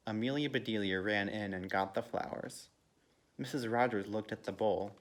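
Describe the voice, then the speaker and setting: Volunteer reader, male, somewhat low voice, storybook read-aloud that perks up for quoted lines. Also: normal speed. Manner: lifts pitch and volume for character quotes. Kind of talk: reading a children's picture book aloud.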